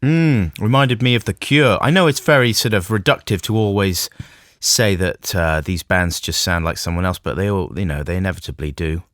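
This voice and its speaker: A man's voice: low-pitched, moderate pace, fairly bright tone, no room sound. Jokey man co-hosting, dry sound. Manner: jokey and playful, with silly word games. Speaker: podcast co-host. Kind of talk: casual comedy chat.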